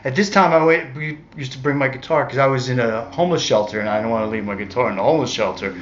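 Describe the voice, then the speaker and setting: A man recounts a personal story in a loose, conversational monologue, often stopping to correct himself. His voice sits at an ordinary middle pitch. The recording is dull and lo-fi. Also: quick pace, slight background noise. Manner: rambling, self-correcting, conversational. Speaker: street musician telling a story.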